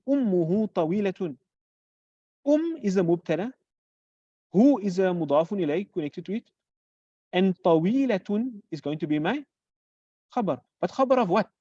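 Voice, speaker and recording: A teacher giving a grammar lesson who poses questions and answers them, repeating example phrases slowly. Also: medium pitch, dark tone, no echo. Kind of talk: classroom lecture. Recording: dull lo-fi recording.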